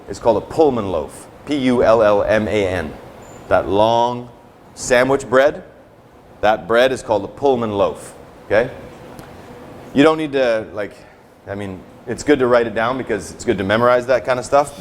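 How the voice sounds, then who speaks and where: A man's voice: medium pitch, a little hiss or hum. A man teaching a cooking class while demonstrating, talking casually and ending most sentences with "right?" or "okay?". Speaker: culinary instructor. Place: teaching kitchen.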